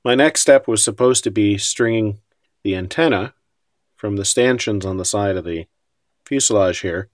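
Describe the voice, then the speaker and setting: A man's voice: fairly low pitch, moderate pace, dry recording, studio quality. A man casually talking through his scale model build, wry and self-deprecating about his mistakes.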